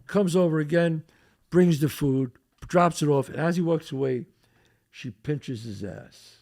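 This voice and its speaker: A man's voice: a little high, unhurried. A man hosting a podcast, telling a story in casual chat and acting out what people said. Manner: animated storyteller acting out quotes. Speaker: podcast host.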